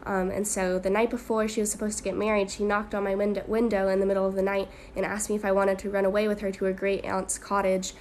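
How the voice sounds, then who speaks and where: A woman telling a long, dreamy, rambling what-if story with soft fillers. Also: medium pitch, level tone, fast talker, hardly any pauses, a little hiss or hum. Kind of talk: whimsical storytelling monologue.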